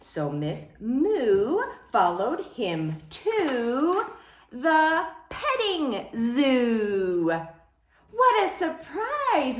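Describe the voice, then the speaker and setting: Expressive woman reading a children's story. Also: fairly high pitch. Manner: expressive and sing-song. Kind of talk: children's picture-book read-aloud. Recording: roomy echo.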